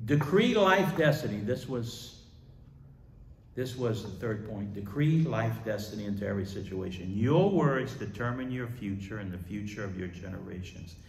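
A man pastor preaching a sermon, moving between loud emphatic declarations and quiet asides. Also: lowish voice, animated, normal speed, creaky, recorded from a distance, a little hiss or hum. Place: church sanctuary. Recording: echoey church hall.

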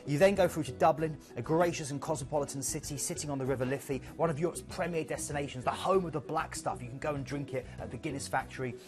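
A man's voice: on the high side, fast, hardly any pauses, over music. A man presenting cruise destinations on a live TV sales show, rambling enthusiastically. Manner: enthusiastic, rambling travel descriptions.

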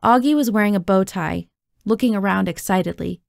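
A woman reads a novel aloud in an expressive first-person narration. Her voice is gravelly, with a mid pitch. The sound is dry and close. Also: brisk, no echo. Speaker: audiobook reader.

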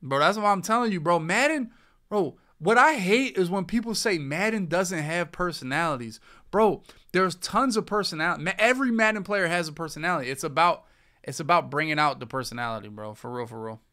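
A man's voice: sits high, animated, brisk, pushed and bright. A young man hosting a gaming podcast, chatting casually with loose, joking trash talk. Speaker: podcast host. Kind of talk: casual chat while streaming.

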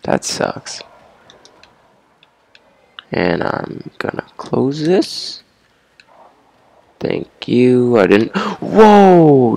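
A man's voice: medium pitch, very animated, drawn-out words, vocal fry, pauses often, warm tone. A young man giving casual commentary on his first game session, repeating himself, swearing at enemies and laughing. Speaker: gamer.

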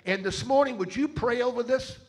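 A man's voice: very high-pitched, a little fast. A man preaching a sermon in a church, telling dramatic stories and calling out to the congregation for responses. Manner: dramatic storyteller, rallies the crowd with call-outs. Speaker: travelling preacher. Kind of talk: sermon with storytelling and fundraising appeal. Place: church service.

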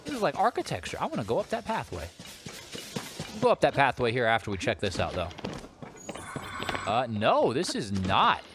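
A man hosting a let's play, giving chatty, animated commentary with joking asides while he plays. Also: medium pitch, moderate pace, pauses often. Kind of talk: video game commentary. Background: game music.

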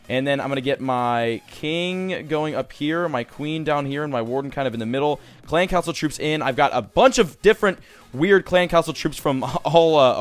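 A young man giving casual, excitable commentary over his own gameplay, swearing and growing frustrated as things go wrong. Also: medium pitch. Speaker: gaming commentator.

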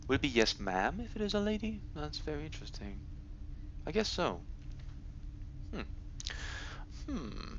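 A man's voice: fairly high pitch, big pitch swings, unhurried, pauses often, highs cut off, slight background noise. A young man playing through a game, reading its dialogue aloud and cracking ironic jokes in between. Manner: jokey, ironic asides, puts on voices for characters. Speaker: let's play commentator.

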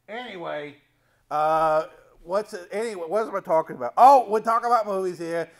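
A man's voice: on the high side, a bit bright. A man playing a clueless, sleazy movie-review show host who rambles and keeps losing his train of thought in a comedy sketch.

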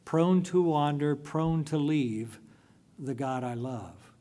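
A man's voice: a little high, slow, warm tone. A man playing a remorseful man who confesses he has strayed from his faith, in a rueful, confessing way. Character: remorseful older man, a wandering believer.

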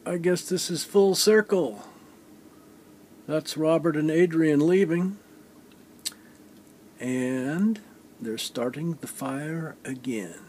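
A man's voice: fairly high pitch, slow pace, pauses often, a little mellow. An older man vlogging at an outdoor potluck, joking and teasing friends as he films with a handheld camera. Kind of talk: casual vlog chat. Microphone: handheld video camera. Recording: noisy outdoor camera audio with crowd. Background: crowd chatter.

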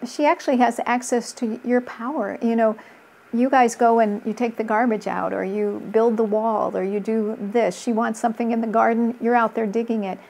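A middle-aged relationship coach talks in an interview with a medium-pitched, darkish voice and noticeable vocal fry. She comes across as earnest, relating stories from her practice with quoted dialogue.

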